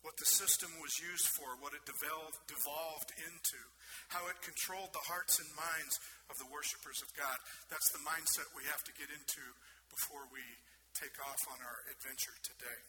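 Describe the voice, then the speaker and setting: A man's voice: a little high, fairly even intonation, normal speed, few pauses. A man preaching a sermon in an earnest way, putting questions to his listeners. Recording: noticeable background noise.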